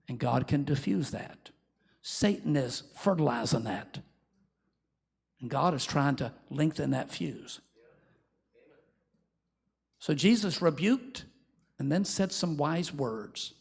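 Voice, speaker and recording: A man preaching a sermon as pastor, telling Bible stories in an animated way and acting out the voices of the people in them. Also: fairly high pitch, takes it slowly, vocal fry, pauses often, breathy edge.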